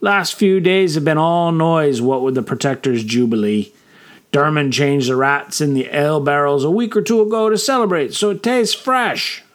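A man's voice: fairly high pitch, moderate pace, voice pushed up, close to an everyday voice. A man voicing a boastful, bawdy old male sailor who slurs his words in an audio story. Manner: slurring.

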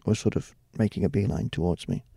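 A man's voice: lowish voice, big pitch swings, fast talker, creaky, warm tone, slightly rough, no room sound, clean studio sound. A middle-aged man from the United Kingdom, a TV presenter talking casually in an interview, rambling with many restarts and "you know"s. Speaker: TV presenter and producer.

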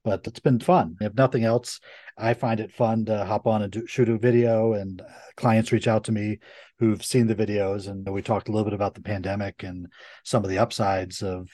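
A man from Connecticut, an attorney guest on a podcast, telling stories in a brisk, chatty way. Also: fairly low pitch, steady tone, warm tone, no echo, clean studio sound. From Connecticut, USA. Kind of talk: casual interview chat.

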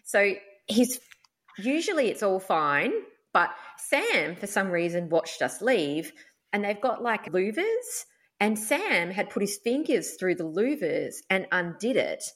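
A woman hosting a podcast, telling lively stories and acting out scenes, often laughing. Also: mid-range voice, unhurried. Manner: animated storyteller, acts out scenes, laughs. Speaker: podcast host. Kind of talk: casual chat.

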